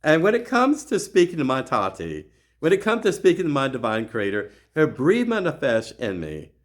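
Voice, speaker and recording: A man's voice: a little high, a bit bright. A middle-aged man hosting his own show, giving an impassioned religious monologue that is full of repeats and restarts. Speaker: show host.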